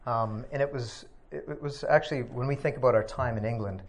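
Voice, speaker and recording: A middle-aged man giving a personal testimony, reflective and halting, with many pauses and filler sounds. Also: mid-range voice. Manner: reflective, halting with frequent ums and uhs. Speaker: speaker sharing a personal testimony.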